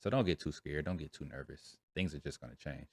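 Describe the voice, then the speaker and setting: Low-voiced dude hosting a reaction video, chill and slangy. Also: male voice, fast, darkish tone, slightly rough. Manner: laid-back, slangy commentary. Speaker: host. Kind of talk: casual reaction chat.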